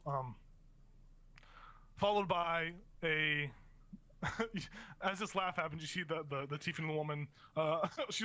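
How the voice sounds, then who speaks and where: A young man with a slightly high, bright, and forceful voice serves as game master for a tabletop game. His narration wanders, packed with filler words and false starts.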